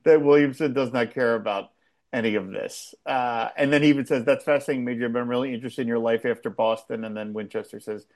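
A man in casual conversation, rambling and animated as he recaps a television episode, with frequent restarts. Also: medium pitch, fast. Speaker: podcast co-host. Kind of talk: casual chat.

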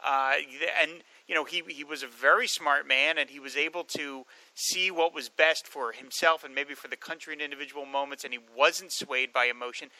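A man talking casually about a film, animated and acting out the characters' lines as he retells scenes. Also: on the high side, normal speed, hardly any pauses, no echo, poor audio. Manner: animated storyteller, acts out quoted lines. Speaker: podcast co-host.

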